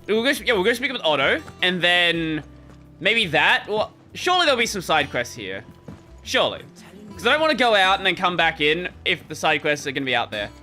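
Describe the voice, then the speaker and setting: An Australian man with a high, bright voice gives loose, jokey commentary while he plays. He swears freely and his pitch bounces around a lot. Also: sing-song, a little fast, soft background music. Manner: laughing, joking, swearing. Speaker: gaming streamer. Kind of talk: casual gameplay commentary.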